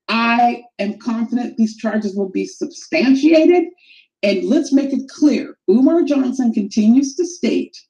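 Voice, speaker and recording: A woman co-hosting a live call-in show, speaking firmly and emphatically, in a measured way. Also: a little high, dark tone, rough recording.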